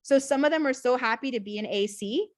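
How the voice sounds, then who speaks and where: A woman's voice: fairly high pitch, a little fast, no echo. A woman running a casual live session for a prison dog-training adoption program over a video call, talking bluntly and chatting, often checking in with "okay?".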